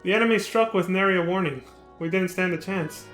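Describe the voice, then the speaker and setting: A man voicing a loyal, excitable young male mechanic, reading game lines with eager exclamations. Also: sits high, fairly quick, reverberant, soft background music. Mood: grim.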